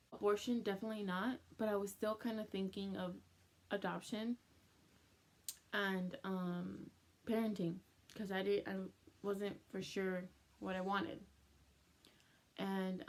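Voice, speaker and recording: A young woman in her twenties recounts an emotional personal story in a loose, chatty way, leaning on "like" and dropping in Spanish phrases. Her voice sits at a middle pitch and sounds teary from crying. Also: darkish tone. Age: 20s. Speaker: vlogger.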